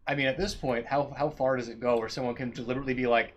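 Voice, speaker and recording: A man's voice: medium pitch, steady tone, quick pace, few pauses. Wisecracking man in casual chat. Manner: joking, wisecracking. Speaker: podcast co-host.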